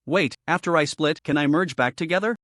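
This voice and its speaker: A man's voice: on the high side, a little fast, fairly bright tone, no echo, studio quality, natural voice. A man voicing a lazy but careful young man reborn as a black hole in a storybook recap. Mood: musing.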